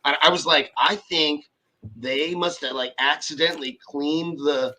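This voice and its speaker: A man with a bright, forceful voice that sits a little high, chatting casually on a podcast. He tells a long, rambling story and swears freely in almost every sentence. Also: fairly even intonation, measured pace. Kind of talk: casual chat.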